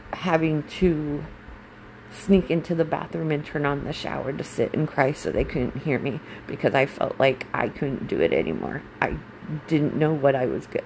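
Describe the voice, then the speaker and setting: A woman's voice: low voice, creaky, a little mellow, slight background noise, poor audio. A woman in her forties, a military spouse, talking candidly and emotionally about her own life, blunt and swearing when angry. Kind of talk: candid personal monologue.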